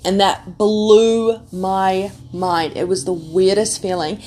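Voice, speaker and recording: A young woman casually telling her birth story, animated and full of "like" fillers. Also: medium pitch, unhurried, few pauses, slight background noise. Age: young adult. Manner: chatty, animated, many "like" fillers.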